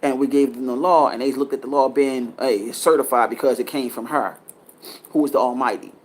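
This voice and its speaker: A man's voice: mid-range voice, fairly even intonation, a little fast. A man giving a casual spiritual talk, earnest and lecturing, rambling and often restarting his sentences. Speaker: spiritual teacher.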